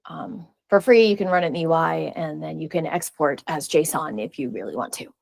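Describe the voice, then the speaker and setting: A woman's voice: low-pitched, moderate pace, creaky, darkish tone, no room sound. A woman giving a casual technical presentation at a user group meeting, chatty with frequent fillers and restarts. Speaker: conference speaker. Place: meeting room.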